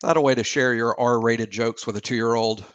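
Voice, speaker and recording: A middle-aged man co-hosts a casual talk show at an ordinary male pitch. He teases his partner and spins out imagined scenes in playful acted-out lines. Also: steady tone, normal speed, clean tone, muffled recording. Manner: teasing, riffs with mock dialogue. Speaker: radio show co-host. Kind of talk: casual chat.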